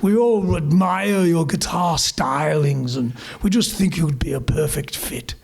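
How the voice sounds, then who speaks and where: A man putting on a plummy posh Englishman, smooth and flattering. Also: a little high, a little slow, exaggerated voice. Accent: plummy upper-class English.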